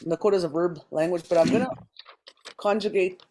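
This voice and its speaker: Her voice is warm and a little lower than average as this language teacher runs a class online. She goes through each point slowly and patiently, with ums filling the gaps. The sound resembles a video call, carrying a slight hiss or hum.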